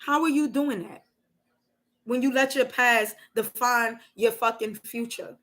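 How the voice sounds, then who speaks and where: A woman's voice: a little high, fairly even intonation, unhurried, fairly bright tone, poor audio. A woman hosting a casual live stream, talking emotionally and candidly and swearing freely.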